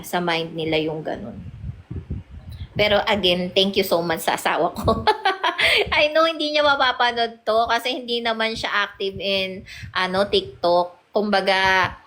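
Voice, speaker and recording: A woman's voice: medium pitch, fairly bright tone, low-quality recording. A woman with a Filipino accent, a mother speaking as a guest in a casual interview, hesitant and apologetic with many fillers.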